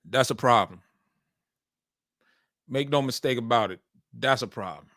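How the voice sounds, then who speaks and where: A man's voice: mid-range voice, unhurried, fairly bright tone, dry recording, studio quality. A man hosting a sports show, talking casually and emphatically about football and repeating his points. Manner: repetitive, emphatic, colloquial.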